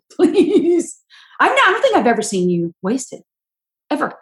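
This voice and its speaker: A woman's voice: on the high side, brisk, echoey room, poor audio. A woman hosting a podcast, telling stories in a casual chat and acting out what people said. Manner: animated storyteller, acts out quotes. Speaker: podcast host.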